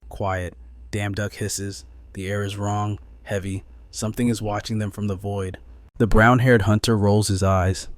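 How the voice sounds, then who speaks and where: A man's voice: fairly low pitch, flat delivery, normal speed. A man narrating a comic recap in an urgent, dramatic storytelling manner.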